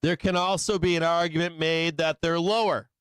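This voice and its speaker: A man hosts a live trading stream, walking through charts in a loose, slangy way and asking constant tag questions. His voice sits a little high for a man and comes across very smooth and resonant. The sound is dry and close, with no room echo. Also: steady tone, moderate pace, a bit bright. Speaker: host.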